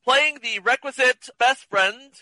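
A man's voice: very high voice, measured pace, bright, forceful tone, no echo, poor audio. A man co-hosting a casual movie chat podcast, teasing and wry. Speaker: podcast co-host.

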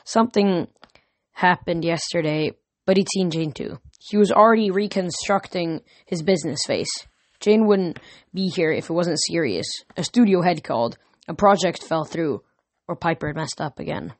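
Lady reading a novel aloud, low-ish voice, steady, dead dry mic. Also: moderate pace, no room sound. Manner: steady, earnest storytelling with occasional slips. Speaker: audiobook narrator. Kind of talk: audiobook narration.

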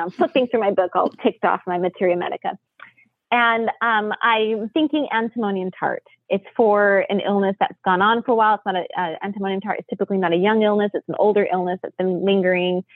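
A middle-aged woman from the United States tells a story with animated energy and acts out what people said. Her voice comes through dry and narrow, like a phone line. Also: mid-range voice, quick pace, no echo. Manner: animated, acts out quotes with laughs. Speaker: podcast guest. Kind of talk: storytelling interview chat.

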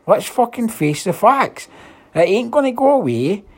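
Scottish man, angry rant, constant swearing, husky, slightly high voice. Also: sing-song, measured pace, a little mellow. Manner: furious, heavy swearing, ranting. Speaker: football fan. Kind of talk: angry monologue to camera.

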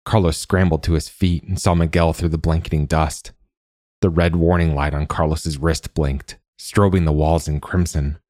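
A man reads a story aloud with a measured, steady delivery. His voice sits very low, and the recording is dry and close, with no room sound. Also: no room sound. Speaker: narrator. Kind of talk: scripted audiobook narration.

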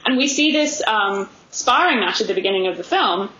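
A woman's voice: medium pitch, expressive, fairly quick, sharp tone. A woman talking animatedly about a film in casual chat, swearing freely and acting out quotes. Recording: echoey, dull lo-fi sound.

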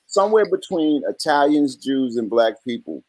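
A man's voice: mid-range voice, moderate pace, no room sound. A man from Brooklyn with a New York accent, chatting casually and animatedly in slang as a podcast co-host. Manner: animated, slangy, slips into mimicry. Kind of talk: casual chat.

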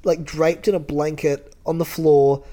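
A man's voice: a little high, flat delivery, a little slow, dark tone. A man in casual chat, co-hosting and recapping a reality show with joking, detailed storytelling. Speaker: podcast co-host.

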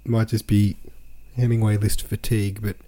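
A man's voice: fairly low pitch, flat delivery, moderate pace, dark tone. A man hosting a podcast, reading from a novel aloud and complaining in an exasperated, ranting way about its wordy sentences. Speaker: podcast host.

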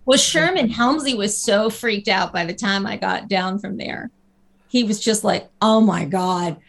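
A woman guest telling a lively anecdote in a casual interview, acting out the people she quotes. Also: medium pitch, a little slow, gravelly. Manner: animated storyteller, acts out quotes. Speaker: guest actress.

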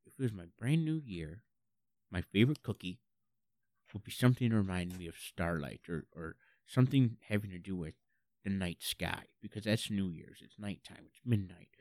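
Male comedy co-host, slightly low voice, deadpan and mock-serious, dry studio sound. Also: normal speed, no echo. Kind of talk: absurdist comedy radio chat.

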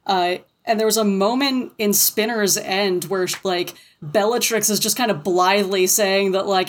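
A woman's voice: medium pitch, steady tone, normal speed, few pauses. Thoughtful woman podcast guest. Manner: thoughtful, many fillers. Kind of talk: casual book discussion.

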